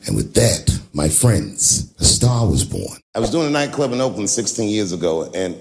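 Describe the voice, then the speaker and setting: A male stand-up comedian telling profane stories with animated delivery, often breaking into shouts. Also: on the low side. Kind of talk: stand-up set. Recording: large venue with long reverb, faint noise.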